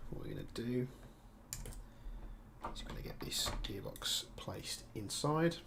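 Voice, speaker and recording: A man from Birmingham, England, streaming as an airsoft tech, sounds animated and unhurried in his mid-range, creaky voice, with a noisy background behind him. In his Birmingham accent, he chats casually while building, answering viewer questions and explaining as he works.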